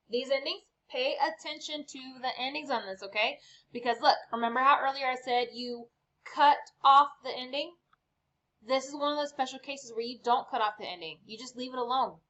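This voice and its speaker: A woman's voice: high voice, a bit bright, poor audio. A woman teaching an online Spanish lesson at home, upbeat and chatty, checking in with "okay" often. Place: home with lawnmower outside.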